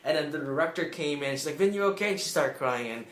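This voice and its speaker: Talking a little fast in an echoey room, a young man recalls his Peace Corps service in an emotional, earnest story told to camera. His tone is a bit bright, and his pitch jumps when he imitates the people he quotes.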